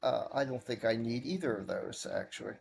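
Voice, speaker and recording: A man's voice: medium pitch, brisk, creaky, darkish tone, faint music behind. A male streamer giving chatty, wry commentary while playing a video game. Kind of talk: let's-play commentary.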